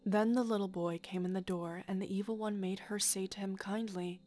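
Softly whispering woman telling a fairy tale. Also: medium pitch, fairly even intonation, normal speed, hardly any pauses, faint music behind. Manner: soft, often half-whispered narration. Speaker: storyteller. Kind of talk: fairy tale read aloud.

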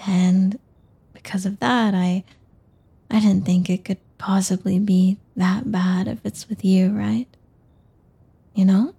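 A woman's voice: mid-range voice, fairly even intonation, slow pace, creaky, long pauses, dark tone, breathy edge, exaggerated voice. A woman playing a nervous, stumbling young woman. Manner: stumbling, hesitant, with many restarts. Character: shy, nervous young woman, awkward and self-doubting. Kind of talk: audio role-play.

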